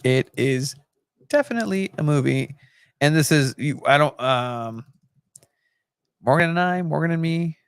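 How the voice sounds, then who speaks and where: Dude rambling on a podcast, laughs a lot, super dry close sound. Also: male voice, fairly high pitch, lively intonation, measured pace, pauses often, smooth, no room sound. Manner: rambling, laughs often, acts out film scenes. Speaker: podcast co-host. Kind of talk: casual chat.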